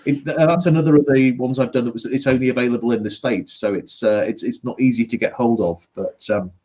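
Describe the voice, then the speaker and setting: A man's voice: mid-range voice, fast talker, darkish tone. Rambling man who grew up in Yorkshire. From Yorkshire, England. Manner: rambling, many fillers and restarts. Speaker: audiobook narrator. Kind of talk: casual conversation, online book club.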